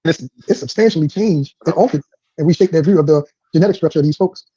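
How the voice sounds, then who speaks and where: A man chiming in as co-host with quick, emphatic interjections on a dull lo-fi mic. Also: on the high side, warm tone, slightly rough, no echo.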